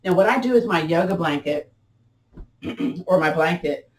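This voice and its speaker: A woman leading a gentle yoga class, giving upbeat, cheering cues with chatty asides, her voice a little cracked as she clears her throat. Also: on the low side, expressive, moderate pace. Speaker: yoga instructor. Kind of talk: guided yoga class instruction. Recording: echoey room, distant mic.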